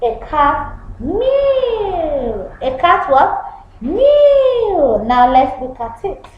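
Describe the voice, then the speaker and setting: Woman, primary science teacher; high, animated, slow, repetitive delivery; echoey, muffled room recording. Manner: slow, repetitive, asks questions and answers them herself; imitates animal and clock sounds playfully. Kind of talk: classroom lesson for young children. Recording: very echoey room, muffled sound, faint background noise.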